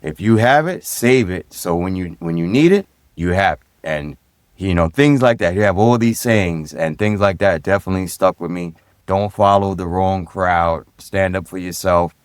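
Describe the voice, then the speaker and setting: Middle-aged man, New York accent, very deep voice, easygoing storyteller, dry close sound. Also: moderate pace, smooth, no room sound. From Brooklyn, New York. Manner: easygoing, reflective, repeats phrases. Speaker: guest, retired police lieutenant and DJ. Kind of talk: casual interview storytelling.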